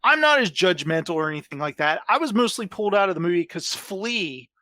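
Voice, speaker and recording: A man chatting as a podcast guest, relaxed and easygoing as he recounts scenes. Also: high-pitched, fairly quick, dry recording, studio quality. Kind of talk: casual chat.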